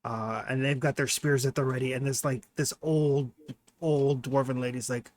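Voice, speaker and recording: A man's voice: mid-range voice, steady tone, moderate pace, darkish tone. A man narrating as game master in a casual, rambling way with many fillers.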